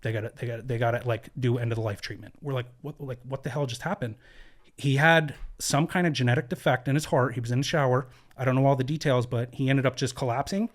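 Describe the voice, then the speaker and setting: Man, podcast guest, rapid earnest storytelling, mid pitch, lots of fillers and restarts. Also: fairly even intonation. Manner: earnest, speaks in quick bursts with many fillers and restarts. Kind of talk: candid conversational storytelling. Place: podcast studio.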